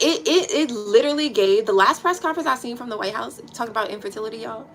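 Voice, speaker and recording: Brief: woman, 30s, DC accent, candid livestream chatter, a touch high-pitched, faint music behind. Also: poor audio. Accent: Washington, D.C. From Washington, D.C. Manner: candid, blunt, swears freely, trails into quiet asides. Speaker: livestream host. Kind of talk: casual chat with viewers.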